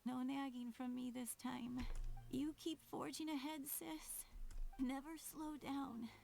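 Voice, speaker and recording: A woman voicing a dying young sibling in a game cutscene, speaking softly and haltingly with regret. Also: high voice, level tone, creaky, faint music behind, heavily acted. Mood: tender. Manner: soft, halting farewell speech. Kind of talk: video game cutscene voice acting.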